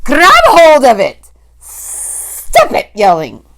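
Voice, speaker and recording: A woman voicing the Grand High Witch, a domineering evil female witch leader who screeches her commands at a high pitch. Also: huge pitch swings, drawn-out words, vocal fry, a bit bright, heavily acted. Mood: furious.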